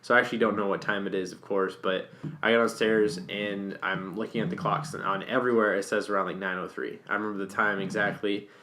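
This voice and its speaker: A man's voice: on the low side, steady tone, fast talker, bright, forceful tone, a little hiss or hum. A young man casually telling a long story on a podcast, rambling and swearing, with lots of fillers and restarts. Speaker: podcast guest.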